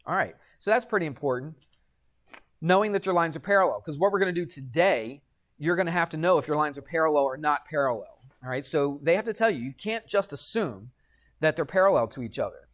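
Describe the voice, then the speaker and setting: A man's voice: on the high side, lively intonation, fairly quick, a bit bright. A middle-aged man teaching math to a classroom, asking the students questions and answering them himself, with jokey asides. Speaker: high school math teacher. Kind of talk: classroom lecture.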